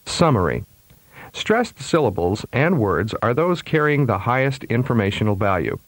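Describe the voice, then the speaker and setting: In a dry studio recording, a man with a mid-range voice reads scripted pronunciation instructions. His delivery is measured and precise, much like a language course tape.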